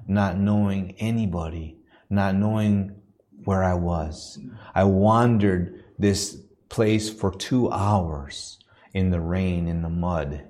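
In a church, a missionary tells a personal story, earnest and halting at first, until he builds into a preaching cadence. His voice sits on the low side with a warm tone.

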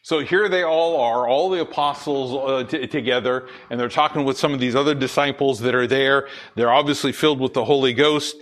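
With hardly any pauses, a Pacific Northwest pastor talks fairly quickly in a mid-range, fairly bright voice whose intonation stays fairly even. He preaches conversationally in a church as the congregation laughs, reading scripture and answering the questions he poses.

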